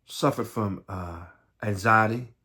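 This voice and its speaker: Gravelly, halting man from the American South. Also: on the low side, pushed and bright. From Southern United States. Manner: halting, repeats words, earnest. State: close to tears. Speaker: vlogger. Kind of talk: personal life story.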